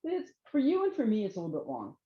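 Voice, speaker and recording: A woman presenting knitting yarns and jackets to a small audience in a relaxed, chatty way, often trailing off with fillers and restarts. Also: medium pitch, fast talker, muffled recording, a little hiss or hum. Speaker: yarn shop presenter. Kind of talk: informal trunk show presentation.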